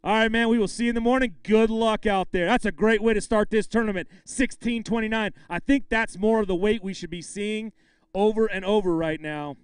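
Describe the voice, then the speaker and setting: A man's voice: high voice, fairly even intonation, fairly quick, clean tone, dry recording. A man emceeing a live fishing tournament weigh-in, bantering with anglers and calling out the weights with bursts of hype.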